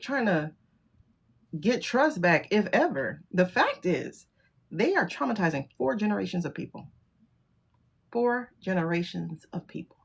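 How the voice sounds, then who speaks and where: Swearing often and laughing easily, a middle-aged woman runs a tarot livestream in a casual, straight-talking way. Her voice sits in the mid range and has a slightly rough edge.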